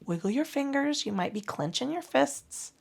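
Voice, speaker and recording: A woman leading a mat pilates class, calmly cueing breaths and movements with chatty asides. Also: high voice, moderate pace, vocal fry. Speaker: pilates instructor. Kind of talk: guided exercise instruction.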